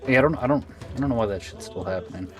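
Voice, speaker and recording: A man's voice: medium pitch, lively intonation, rapid-fire, fairly bright tone, faint music behind. A man streaming a game, muttering profane, casual commentary as he thinks aloud.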